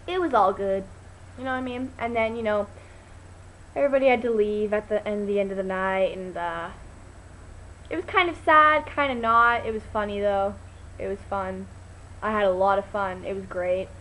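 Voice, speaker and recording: A teen girl tells a wandering story in a casual vlog at an ordinary pace, the recording rough. Her chatty delivery is full of ums and restarts, punctuated by excited, high-pitched quotations.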